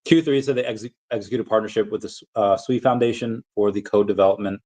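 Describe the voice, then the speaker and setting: A crypto livestream host talks quickly in a fairly low, darkish voice, reading viewer comments on a casual stream. He rambles, gets sidetracked easily, and keeps interrupting himself.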